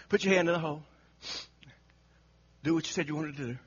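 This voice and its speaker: A man preaching an animated sermon, telling the story dramatically and acting out the quotes with frequent laughter. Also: a little high, fairly quick, husky. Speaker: pastor. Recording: muffled lo-fi recording.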